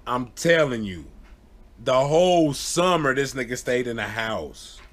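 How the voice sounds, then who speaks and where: A man telling a true story to camera in a casual, animated way, often laughing and acting out the people in it. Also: medium pitch, measured pace. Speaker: vlogger.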